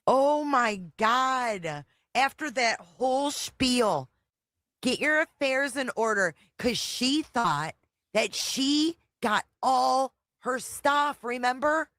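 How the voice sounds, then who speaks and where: A woman's voice: high voice, expressive, slow pace, fairly bright tone, dry recording, clean studio sound. A woman hosting a casual reaction stream, blunt, profane and exasperated as she comments. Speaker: livestream commentary host.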